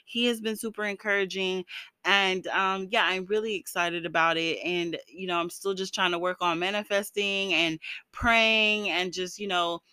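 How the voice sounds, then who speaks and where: A woman's voice: mid-range voice, fairly even intonation, moderate pace, sharp tone, clear, resonant tone, dry recording. A woman talking to her viewers in an earnest, encouraging vlog, full of "you know" fillers. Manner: emotional, breaks into laughs while speaking. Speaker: vlogger.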